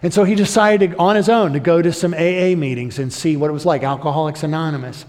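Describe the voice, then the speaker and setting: A male pastor preaching a sermon with passion, building to loud, emphatic peaks. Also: a little high, fairly even intonation, quick pace. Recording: echoey hall.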